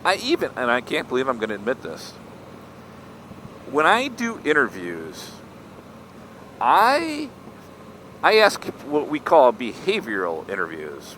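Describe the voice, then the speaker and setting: A man's voice: mid-range voice, wildly swooping pitch, measured pace, pauses often, bright, forceful tone, poor audio. Chatty middle-aged man riding a motorcycle. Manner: chatty, self-mocking, wanders off topic. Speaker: motorcycle vlogger. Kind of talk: casual rambling monologue while riding. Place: outdoors on a motorcycle in traffic. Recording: faint road and traffic noise.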